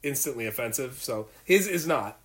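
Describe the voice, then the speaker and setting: A man co-hosting a podcast, chatting casually about films and chiming in with quick agreement. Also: medium pitch, lively intonation, a crowd in the background. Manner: quick agreeing interjections, laughs often. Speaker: podcast co-host. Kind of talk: casual movie discussion.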